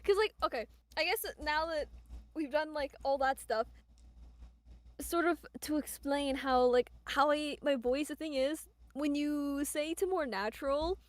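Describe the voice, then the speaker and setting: A woman talking as a singing student, chatty and rambling, thinking out loud about her voice. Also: high-pitched, no echo. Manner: chatty, rambling, quick laughs. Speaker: vtuber student. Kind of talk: casual chat in a vocal lesson.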